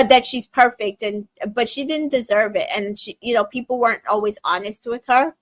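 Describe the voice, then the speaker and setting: A woman hosts a casual TV recap show, chatting with real emotional investment and plenty of fillers and self-corrections. Her voice is a little high, with no room sound.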